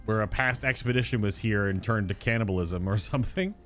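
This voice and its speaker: A man's voice: lowish voice, a little fast, soft background music. A man giving casual, playful commentary while playing through a video game, joking and thinking aloud as he explores. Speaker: let's play host.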